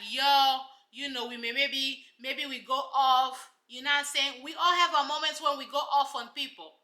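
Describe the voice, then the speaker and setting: A woman's voice: high-pitched, sharp tone, reverberant. A woman giving casual, sassy commentary on a reality show, emphatic and full of rhetorical asides.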